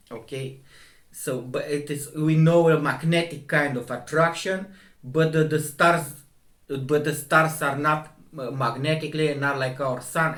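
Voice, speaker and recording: A man with a Romanian accent, a video host giving a slow, emphatic, argumentative commentary monologue, his pitch jumping up when scornful. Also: a bit bright. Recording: echoey room.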